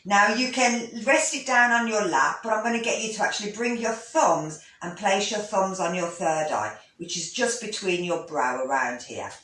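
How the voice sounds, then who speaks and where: Woman, yoga teacher, gentle guiding, mid pitch, roomy echo. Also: expressive, normal speed, hardly any pauses. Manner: gentle, instructive, with fillers and restarts. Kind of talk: guided breathing lesson. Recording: echoey room, voice from a distance.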